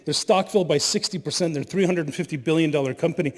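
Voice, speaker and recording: A middle-aged man giving an animated storytelling talk as a spiritual leader at a conference, laughing at his own stories. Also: on the high side, fast talker. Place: conference hall. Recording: long hall reverb.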